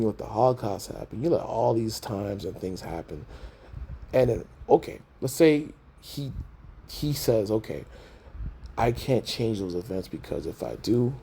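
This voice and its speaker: Gravelly low-voiced man ranting casually. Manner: animated, swearing, rambling, mock-outraged, acts out characters. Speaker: podcast host. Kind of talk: casual movie rant.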